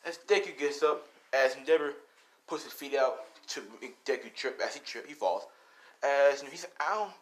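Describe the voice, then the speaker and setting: A man's voice: medium pitch, normal speed, fairly bright tone. A young man casually narrating an improvised fan story, rambling, swearing and full of fillers. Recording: noisy home recording.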